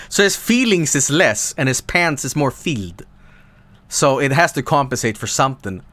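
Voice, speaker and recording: Rambling streamer man, lively voice. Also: fairly high pitch, unhurried. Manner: rambling, stammering, self-interrupting. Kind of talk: casual live-stream chat. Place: home streaming room.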